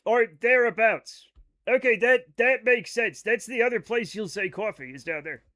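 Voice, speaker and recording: A man's voice: extremely high pitch, moderate pace, bright, forceful tone. A man with a Rhode Island accent, chatting casually on a live game stream, rambling as he reads chat aloud and riffs on it.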